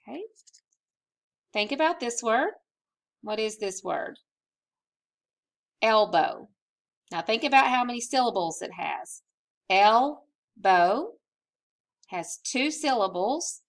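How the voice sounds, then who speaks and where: A woman's voice: mid-range voice, a bit bright. Woman teacher, patient phonics lesson. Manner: slow, patient, stretching out sounds. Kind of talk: recorded spelling lesson.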